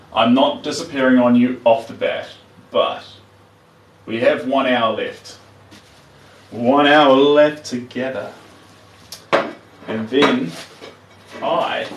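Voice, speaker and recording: A man's voice: mid-range voice, far from the mic, a little hiss or hum. A man with a New Zealand accent chatting casually to live viewers while he paints, trailing off as he works. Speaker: artist streaming live. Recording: roomy, mic set back from speaker.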